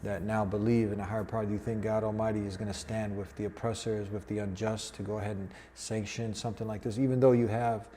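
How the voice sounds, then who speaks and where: A man's voice: fairly low pitch, level tone, fast, few pauses, warm tone, a little hiss or hum. A man hosting a talk show, reading news reports and commenting in an earnest, preaching tone. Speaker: host.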